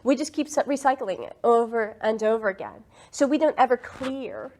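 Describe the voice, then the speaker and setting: A woman's voice: fairly high pitch, normal speed, darkish tone. Woman teaching breathing and meditation, laughing. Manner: laughs often, earnest and enthusiastic. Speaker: spiritual teacher leading a group talk. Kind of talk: casual spiritual talk.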